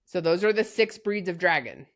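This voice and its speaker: A woman co-hosting a book podcast, calmly explaining details and setting the record straight in casual talk. Her voice is somewhat low. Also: moderate pace. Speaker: podcast co-host.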